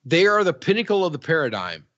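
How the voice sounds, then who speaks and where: Rambling podcast host, a man, lively pitch. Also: quick pace, dry recording, muffled recording. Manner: rambling, lots of fillers and laughs. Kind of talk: casual podcast banter.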